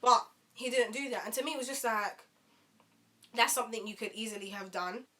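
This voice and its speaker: A young woman telling a storytime tale in a chatty, animated way, often turning to her viewers. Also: a little high, a little fast. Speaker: vlogger.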